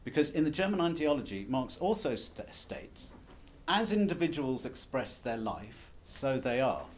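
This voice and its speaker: A man's voice: mid-range voice, big pitch swings, moderate pace, a little hiss or hum. Wry male academic giving a talk. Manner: self-deprecating, wry, conversational lecturing with restarts. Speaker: academic speaker. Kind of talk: conference presentation.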